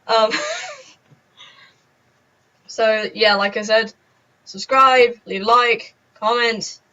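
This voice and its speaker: A woman's voice: on the high side, steady tone, drawn-out words, sharp tone. A young woman chatting in a rambling, giggly, self-mocking way on a casual story-time vlog. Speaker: vlogger. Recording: dull lo-fi recording.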